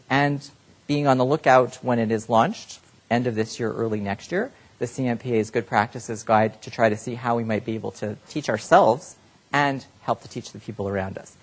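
A man giving a live lecture to healthcare staff, speaking plainly and addressing the audience directly. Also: medium pitch. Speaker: healthcare educator.

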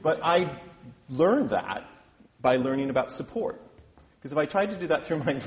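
A man from Iowa in the US Midwest, with a somewhat high voice, lively intonation, and moderate pace, gives a lecture-demonstration teaching opera singers. He's chatty and self-deprecating, gesturing as he talks. Long hall reverb surrounds his voice, the recording sounds a bit dull, and there's slight background noise.

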